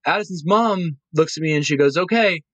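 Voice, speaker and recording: A man's voice: on the high side, brisk, dry recording, rough recording. A man telling a story as a guest on a podcast, casual and emotional, acting out the voices of the people he quotes. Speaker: guest, cruise line cast member.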